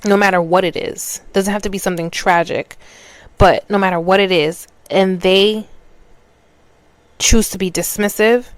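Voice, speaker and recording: A woman's voice: medium pitch, fairly even intonation, normal speed, no room sound. A woman, hosting a podcast and telling a personal story in a loose, conversational way, restarting her sentences and acting out what people said. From New York. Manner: conversational, restarts mid-sentence, acts out quoted dialogue. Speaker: podcast host.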